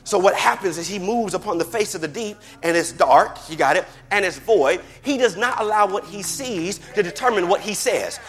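A man preaching a fervent sermon, repeating phrases, calling for the congregation's responses and rising into shouts. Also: high-pitched, animated, moderate pace, few pauses, soft background music.

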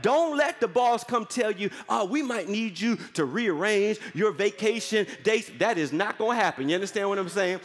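Energetic high-voiced male pastor preaching. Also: moderate pace, few pauses, in a large hall. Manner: energetic call-and-response preaching, frequent crowd prompts. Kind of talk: sermon. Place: large church hall.

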